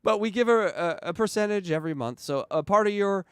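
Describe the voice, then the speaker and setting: A man's voice: high voice, lively intonation, a little fast, clean tone, dry recording. A man co-hosting a casual comedic podcast, laughing often and slipping into quoted voices. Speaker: podcast co-host.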